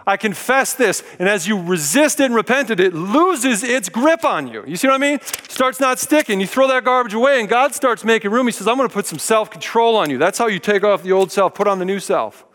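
Folksy preacher with a high voice. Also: male voice, a bit bright. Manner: conversational, folksy preaching with humor. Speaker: pastor. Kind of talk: sermon. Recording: long hall reverb.

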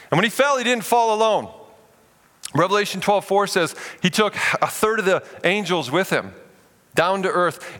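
Emphatic male pastor in a reverberant hall. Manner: animated, emphatic, often drops low for stress. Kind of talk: sermon.

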